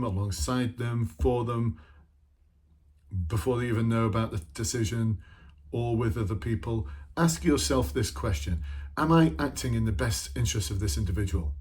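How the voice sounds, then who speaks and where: Husky-voiced man coaching leaders. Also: medium pitch, a little mellow. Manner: conversational, asks many rhetorical questions, talks to himself. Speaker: former police officer turned leadership trainer. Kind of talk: informal coaching talk to camera.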